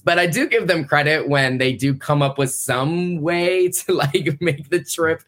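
A man's voice: fairly high pitch, a little slow, a bit bright. A man co-hosting a podcast in casual chat, laid-back and slangy, laughing often. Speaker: podcast co-host.

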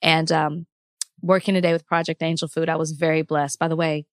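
A woman's voice: sits low, little pitch movement, brisk, no echo, studio quality. A woman co-hosting a podcast in casual chat, earnest and reflective. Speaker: podcast co-host.

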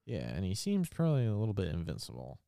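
A man's voice: deep voice, wildly swooping pitch, fast, vocal fry, mellow, clean tone, no echo, clean studio sound. A man co-hosting a podcast, joking along and acting out cartoon characters while recapping. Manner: jokey, chimes in, acts out characters. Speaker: podcast co-host. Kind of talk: casual recap chat.

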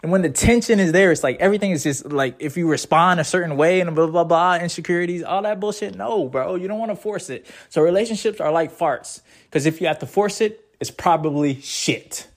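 In a laid-back monologue full of slang, a young man with a slightly higher voice rambles out casual advice, blunt and profane, leaning on his catchphrases again and again. He talks fairly quickly with few pauses.

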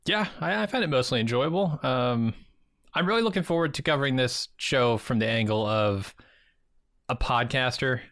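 A man's voice: medium pitch, moderate pace, a bit bright, dry recording. A man co-hosting a podcast, chatting casually with dry, skeptical remarks. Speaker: podcast co-host. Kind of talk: casual chat.

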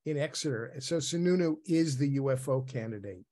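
A man's voice: medium pitch, expressive, a little fast, warm tone. A man on a political panel, throwing in wry quips. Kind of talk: casual political panel chat.

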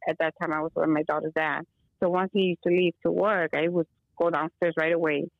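A woman's voice: deep voice, little pitch movement, fairly quick, creaky, no echo. A woman guest telling a long story over a call, rambling and mixing in Spanish words. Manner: rambling, mixes in Spanish words, many fillers. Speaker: guest healer. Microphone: phone or video call. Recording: dull lo-fi call audio.

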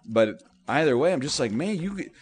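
A man hosting a show, delivering a rambling, self-deprecating comedic monologue full of "like," with sudden pitch jumps when he acts out other people. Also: big pitch swings, normal speed, husky. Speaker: show host.

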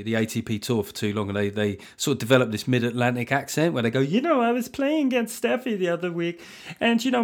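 A man hosting a comedy podcast, riffing sarcastically with frequent swearing and mocking asides, recorded so the levels clip now and then. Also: medium pitch. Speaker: podcast host. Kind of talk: comedic solo podcast rant. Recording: levels topping out, sounds lo-fi.

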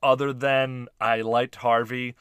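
A man's voice: medium pitch, little pitch movement, slow pace, a bit bright, clear, resonant tone, no echo. Easygoing man co-hosting a chat podcast. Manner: easygoing, frequent short agreements. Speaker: podcast co-host. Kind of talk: casual chat recapping a TV episode.

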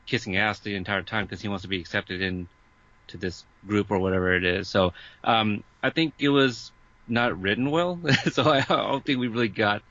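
A man's voice: on the low side, normal speed, a bit bright, no echo, dull audio. A man co-hosting a casual movie podcast, laid-back with dry short remarks. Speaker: podcast co-host.

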